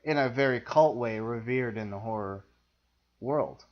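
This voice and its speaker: A man's voice: medium pitch, measured pace, dull audio. A man co-hosting a casual film discussion podcast, wry, opinionated and teasing. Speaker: podcast co-host.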